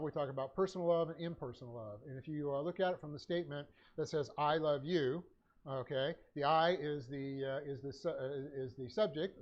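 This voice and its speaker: A man's voice: fairly high pitch, lo-fi sound. A man teaching a Bible class, dictating notes with punctuation and many hesitant fillers.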